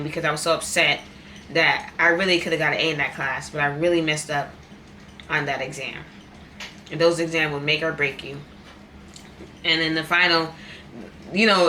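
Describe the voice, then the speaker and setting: A woman's voice: sits low, bright, forceful tone, a little hiss or hum. A young woman in a casual eating vlog, talking candidly and repeating herself for emphasis. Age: young adult. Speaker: vlogger. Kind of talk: casual chat while eating.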